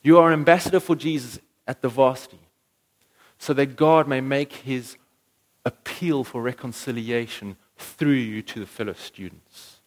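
An earnest man preaching a sermon with a steady mid-range voice. He pushes up to emphatic peaks, then drops back to lower, quieter lines. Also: normal speed.

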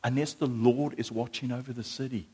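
A man preaches with animated energy, swinging from excited storytelling down to a hushed, earnest tone. He speaks directly to his congregation. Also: mid-range voice, a little fast, breathy edge. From South Africa. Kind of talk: sermon.

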